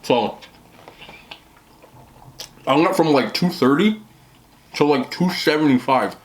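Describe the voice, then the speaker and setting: A man's voice: fairly high pitch, animated, slow pace. A young man who vlogs about eating, chatting casually as he eats on camera, often talking with a mouthful and rambling. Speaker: mukbang vlogger.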